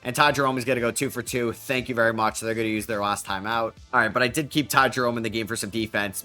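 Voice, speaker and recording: A young man commentating his basketball video game as he plays, excitable and quick to groan and yell at bad plays. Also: medium pitch, soft background music. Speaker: gaming YouTuber. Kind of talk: game commentary while playing.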